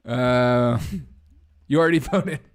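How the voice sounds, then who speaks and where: A man's voice: medium pitch, slow, clear, resonant tone. A man hosting a casual political live stream, joking and sarcastic, laughing often as he reacts to clips and chat.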